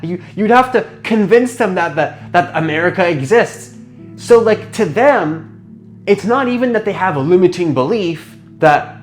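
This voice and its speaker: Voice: mid-range voice, lively intonation, moderate pace, faint music behind. Casual rambling motivational coach. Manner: casual, rambling, full of "like" and rhetorical questions. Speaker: identity transformation coach. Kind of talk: motivational talk to camera.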